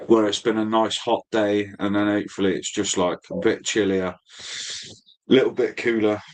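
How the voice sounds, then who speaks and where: A man's voice: on the low side, level tone, moderate pace. A man chatting casually as a stream host, laid-back, swearing freely and calling people mate. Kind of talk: casual chat.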